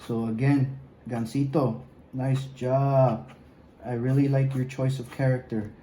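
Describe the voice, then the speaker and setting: Art teacher, male, encouraging, keeps saying "okay, guys", very dark tone, echoey room. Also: medium pitch, fairly even intonation, a little slow, slight background noise. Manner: talks while drawing, often drops to a mumble. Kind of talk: recorded drawing lesson.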